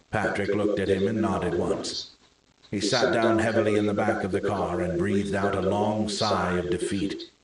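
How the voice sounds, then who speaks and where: A man narrating a thriller audiobook in a steady, measured reading. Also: lowish voice, recorded from a distance, a little hiss or hum. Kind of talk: scripted narration. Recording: very echoey room.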